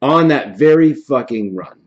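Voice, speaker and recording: A man streamer telling his viewers a story in casual talk, animated and profane, swinging from low mutters to shouting, worn out from no sleep. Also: measured pace, highs cut off. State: tired from no sleep.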